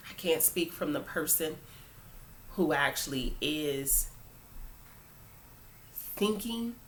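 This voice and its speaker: A woman's voice: fairly low pitch, slight background noise. A woman talking earnestly and informally to camera in a casual faith talk, preaching a little as she goes. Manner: informal phrasing with many fillers. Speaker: Christian vlogger.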